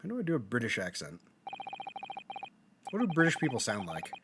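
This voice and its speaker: A man's voice: medium pitch, huge pitch swings, brisk, background noise. Man musing over gameplay. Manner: musing aloud, self-questioning. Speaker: streamer. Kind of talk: casual game commentary.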